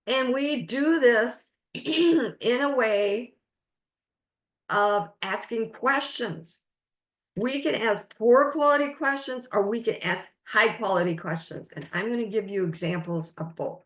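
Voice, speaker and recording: This is a woman life coach teaching a masterclass at an unhurried, deliberate pace. Her voice sits somewhat high and she leans on each phrase. The room around her gives a noticeable echo. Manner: slow, emphatic, drawn-out phrasing. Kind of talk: webinar coaching talk.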